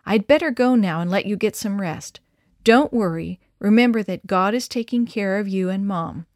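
A calm, faithful father talks gently and steadily in a storybook reading, as a woman puts him on. His voice stays close to the reader's own middle pitch. The sound is dry, with no echo. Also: moderate pace, natural voice. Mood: reassuring. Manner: steady, reassuring.

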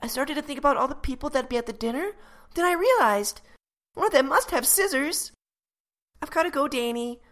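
Woman doing deadpan little girl narrator, earnest, slightly high. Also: fairly quick. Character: earnest odd young girl narrating her diary.

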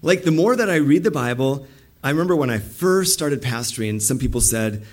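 A middle-aged male pastor preaching a sermon in an animated way, acting out the voices he quotes. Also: medium pitch, brisk.

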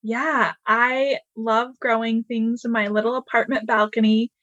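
A woman guest on a podcast, chatting in a relaxed, friendly way. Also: on the high side, a little slow, no echo, lo-fi sound. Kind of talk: casual interview chat.

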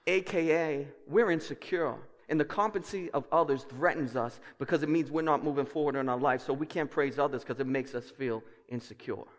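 A man preaching a sermon as pastor, emphatic, dropping to a hush and then rising loud, with rhetorical questions to the congregation. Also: on the high side, fairly even intonation, brisk, hardly any pauses. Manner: emphatic, swings between hushed and loud. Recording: reverberant church hall.

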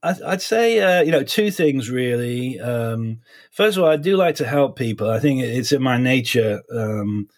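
A man in his forties, a defense attorney, talking in an interview in a halting, reflective way with many restarts. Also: mid-range voice, animated. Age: 40s.

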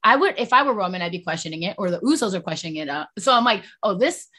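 Animated bright-voiced woman chatting. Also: mid-range voice, fast talker. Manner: animated, laughs often, swears casually. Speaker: podcast co-host. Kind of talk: casual chat about wrestling.

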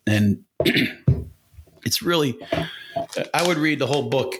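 A man's voice: medium pitch, expressive, slow, noisy background. A man hosting a casual solo podcast, rambling bluntly with casual swearing and rhetorical questions. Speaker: podcast host.

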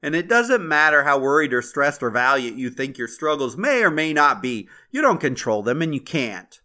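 Bright-voiced man hosting a reflective podcast. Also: a little high, very animated, normal speed. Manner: earnest, conversational, with fillers and restarts. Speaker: podcast host.

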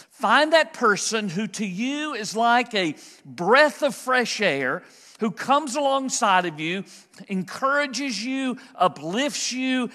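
A man preaching a conversational, emphatic expository sermon as pastor, slowing down to stress key phrases. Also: sits high, sharp tone, in a large hall. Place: church sanctuary.

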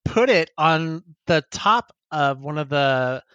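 A man's voice: fairly high pitch, lively intonation, slow pace, sharp tone, clear, resonant tone, dry recording, highs cut off. A man co-hosting a casual podcast, who laughs often and rambles while he reads listener emails and chats. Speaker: podcast co-host.

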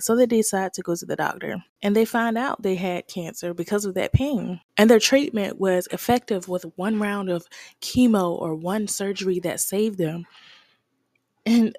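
A woman's voice: mid-range voice, darkish tone, dry recording. A woman hosting a podcast, giving a faith-based motivational talk in a preachy, encouraging way and laughing often. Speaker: podcast host.

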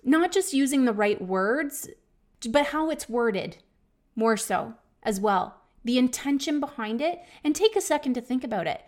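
A woman's voice: high voice, lively intonation, measured pace. A woman in her thirties hosting a personal self-help podcast, speaking in an earnest, reflective and encouraging way. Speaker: podcast host.

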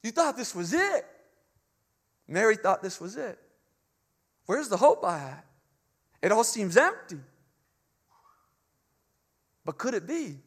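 A man preaching an Easter sermon, earnest and impassioned, with emphatic repetition and swings between hushed phrases and loud climaxes. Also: high-pitched, sing-song, slow, long pauses.

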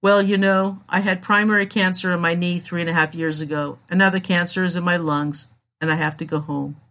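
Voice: mid-range voice, steady tone, a little fast, bright, forceful tone. A narrator voicing a determined young man with cancer, earnest and plain-spoken. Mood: resolute.

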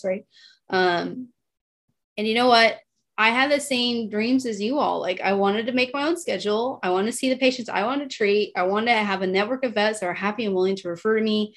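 A woman's voice: medium pitch, moderate pace, fairly bright tone. A woman in her thirties from Texas, an animal chiropractor giving a chatty slide presentation to other practitioners, often checking in with "right?" and turning emotional at times. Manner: chatty, keeps asking "right?", emotional in places.

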